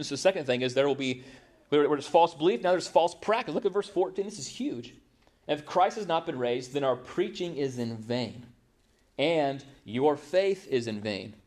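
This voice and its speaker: A man's voice: fairly high pitch, a little mellow. A man preaching a conversational sermon to his congregation, often ending points with rhetorical questions. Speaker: pastor.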